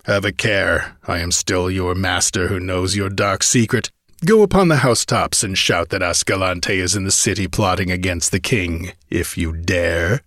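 Read by a man, a scheming outlaw lord speaks in a deep, low voice with imperious, sneering threats. The sound is close and dry, with no room around it. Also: moderate pace, a bit bright, dry recording. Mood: menacing. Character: scheming ambitious male outlaw noble, cold and commanding. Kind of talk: audiobook character reading.

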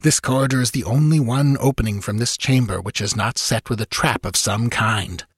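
A man's voice: mid-range voice, moderate pace, husky, no room sound, clean studio sound. A man reading aloud and voicing a cunning middle-aged priest who is gloating and then turns frightened. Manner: gloating, later nervous and gasping.

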